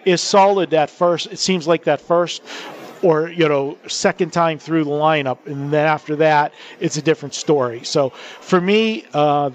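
A man's voice: fairly high pitch, unhurried, a little hiss or hum. A man hosting a sports betting talk show, chatting casually, laughing often and restarting sentences.

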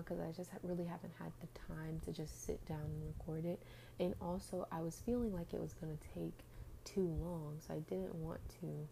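A young woman hosts her faith podcast with a deep-set, very mellow voice that sounds groggy from just getting up. She rambles casually, full of fillers and restarts, over a faint hum of room ambience. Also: fairly even intonation, moderate pace, creaky, low-quality recording. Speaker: podcast host.

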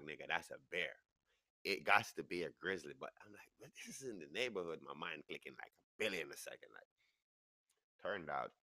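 New york dude on his podcast, deep but bright voice, laughing thru a crazy story, dry mic. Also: dry recording. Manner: laughs through the story, voice jumps high for quoted people. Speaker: podcast host. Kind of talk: animated storytelling.

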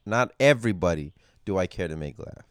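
Low-voiced comedian rambling on a podcast. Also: male voice, lively intonation, brisk, clear, resonant tone, no room sound. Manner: rambling, frequent restarts and cursing. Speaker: stand-up comedian. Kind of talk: casual podcast chat.

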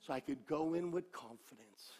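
A man in his sixties preaching a sermon, swinging between impassioned shouting and low, quiet speech with a repetitive, emphatic cadence. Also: moderate pace. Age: 60s. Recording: long reverb of a large hall.

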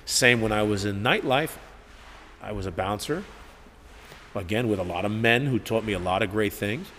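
A man tells stories in a low-pitched voice. He is profane and animated, and he acts out what people said. The recording carries long reverb from a gym and faint background noise. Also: normal speed. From Newark, New Jersey. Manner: profane, animated storyteller who acts out quotes. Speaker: gym owner and head coach, podcast guest. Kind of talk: casual storytelling interview. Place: martial arts gym.

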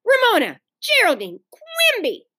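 A woman's voice: sits high, sing-song, a little slow, pushed and bright, full character voice. A woman voicing a cross, impatient young girl who is fed up with her little sister. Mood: exasperated. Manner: exasperated, impatient.

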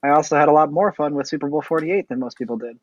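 A man's voice: on the high side, racing, slight background noise. A man chatting casually on a podcast with blunt, dry humor. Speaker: podcast co-host. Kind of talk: casual chat. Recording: dull dry mic sound.

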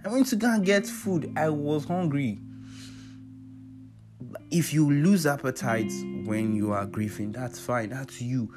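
A man's voice: medium pitch, unhurried. A young man with a Nigerian accent giving personal advice in a casual, heartfelt monologue, earnest and emphatic, repeating phrases for stress. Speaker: vlogger sharing personal advice. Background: soft guitar music.

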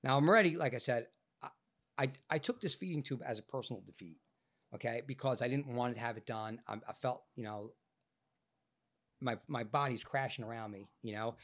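A man, an actor guest on a podcast, telling a story in a profane, animated way, his voice changed by illness. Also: medium pitch, a little fast. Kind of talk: casual podcast interview storytelling.

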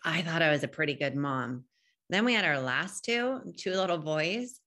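A woman with a low voice speaks in a relaxed podcast chat. She talks earnestly and reflectively, now and then acting out what other people say. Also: normal speed. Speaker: podcast co-host. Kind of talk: casual podcast conversation.

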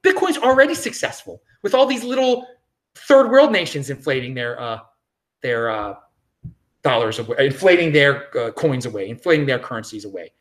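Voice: mid-range voice, big pitch swings, normal speed. A vlogger giving casual opinion commentary, blunt and dismissive, who repeats phrases for emphasis.

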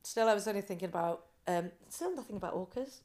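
A woman guest on a podcast, telling her swim story with animated quoted voices. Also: mid-range voice, fast. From Britain. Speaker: guest, ice swimmer. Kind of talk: casual interview storytelling.

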